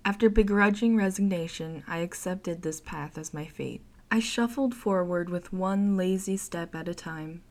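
A woman narrating a first-person horror story in an expressive, dramatic way. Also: fairly low pitch, moderate pace, hardly any pauses.

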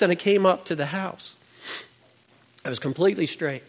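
A man's voice: high-pitched, moderate pace. An older man telling an earnest personal faith testimony, his voice climbing when he relives the moment.

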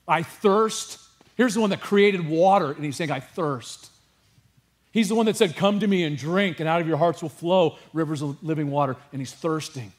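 A man preaching a sermon with passion, dropping to a hush and rising to emphasis, with casual asides to his congregation. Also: fairly high pitch, fairly quick, hardly any pauses. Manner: passionate, swings from hushed to emphatic. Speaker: pastor.

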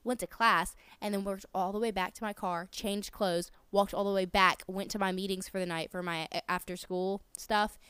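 A young woman telling a story on a podcast, acting out the people in it. Her voice is smooth and clear. She is close to the mic in a dry room. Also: medium pitch, moderate pace, few pauses, no room sound. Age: young adult. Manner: animated storytelling, acting out quotes. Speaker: podcast co-host. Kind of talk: casual chat.

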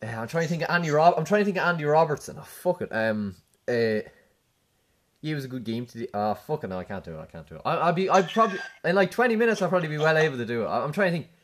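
A man's voice: on the high side, very animated, very fast, few pauses, a bit bright. A young Irish man hosting a casual chat with friends over a video call, swearing and laughing often. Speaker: host.

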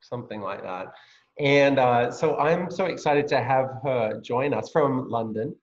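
Male host from Australia, friendly, hesitant delivery, slightly muffled video-call audio. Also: mid-range voice. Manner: friendly, halting with fillers. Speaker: pastor hosting an interview series. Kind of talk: casual video-call interview.

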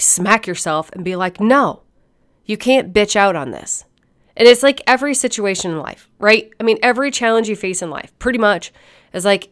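A woman's voice: medium pitch, clean tone. A woman coach telling a casual, blunt story with frequent swearing and laughter. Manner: blunt and profane, laughs often. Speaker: fitness and nutrition coach.

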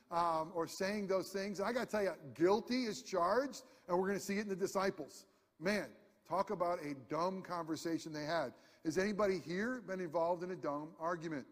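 A man preaching a sermon in a lively, conversational way with self-deprecating humor, speaking to a congregation in a church. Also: sits high. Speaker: pastor. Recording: hall reverb.

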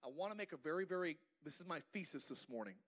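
High-pitched male preacher, playful and talkative, works the congregation from the pulpit. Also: expressive, fast, a bit bright, slightly rough. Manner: playful, asks the congregation to respond. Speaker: pastor. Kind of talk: lively sermon with jokes. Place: church.

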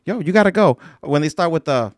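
A man who is an IT worker guest, excitable and repeating himself as he talks. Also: on the high side, a little fast, dry recording, clean studio sound. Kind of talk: casual chat.

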